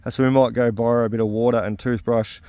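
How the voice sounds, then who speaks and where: A middle-aged Australian metal detecting vlogger gives casual commentary outdoors at an old house site, upbeat and chatty with plenty of "uh" fillers. He talks fast at a medium pitch with little pitch movement, his tone smooth and darkish. There's no room sound.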